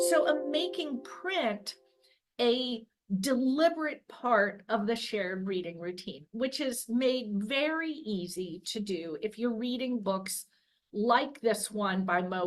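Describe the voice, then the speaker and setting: A woman's voice: medium pitch, fairly bright tone, rough recording. A woman researcher explaining her early literacy work in an earnest, careful way, often correcting herself mid-phrase. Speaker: education researcher. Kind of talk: explanatory talk.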